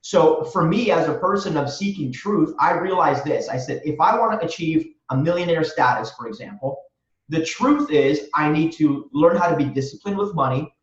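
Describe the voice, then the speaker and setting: A man's voice: a little high, expressive, normal speed. Earnest man, distant roomy lo-fi sound. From Romania. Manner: earnest, motivational, repeats phrases for emphasis. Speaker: guest, real estate wholesaler. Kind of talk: podcast interview answer.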